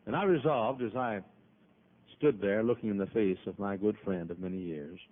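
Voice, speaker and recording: A male pastor preaching a sermon in a church auditorium, folksy and emphatic, with frequent coughs. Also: on the low side. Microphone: PA microphone. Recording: tinny phone-like lo-fi audio.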